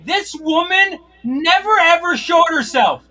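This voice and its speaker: A man's voice: extremely high pitch, expressive, a little slow, sharp tone. A middle-aged man doing a stand-up routine, ranting in exasperation with frequent swearing. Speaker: stand-up comedian. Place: comedy stage.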